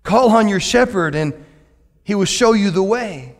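A man preaching a lively, joking sermon as a pastor to his church, with sudden loud outbursts. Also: sits high, unhurried. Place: church sanctuary. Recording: long hall reverb.

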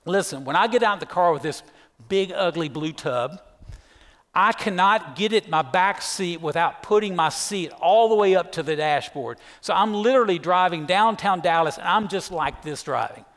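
Middle-aged pastor with a slightly high voice. He preaches emphatically in an echoey church hall. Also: moderate pace, fairly bright tone. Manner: emphatic storyteller, keeps saying "listen". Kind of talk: sermon with a personal story. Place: church sanctuary.

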